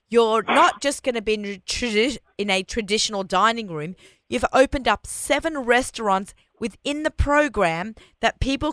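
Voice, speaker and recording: A chatty woman with an Australian accent hosts a radio talk show. Her voice is bright and forceful. The studio sound is dry and close. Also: fairly high pitch, no room sound. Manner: chatty, quick restarts and fillers. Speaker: radio host. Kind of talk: casual radio chat.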